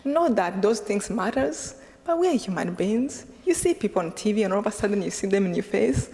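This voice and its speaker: A woman from Rwanda, giving an animated public talk as a guest speaker and laughing often. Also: medium pitch, a little fast. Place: large hall with an audience. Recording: long reverb of a large lecture hall.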